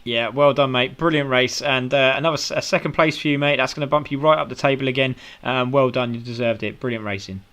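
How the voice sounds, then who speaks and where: Upbeat British race commentator. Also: male voice, medium pitch, fast, hardly any pauses, a bit bright. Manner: upbeat, heaps on praise. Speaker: sim racing commentator and interviewer. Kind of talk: post-race interviews.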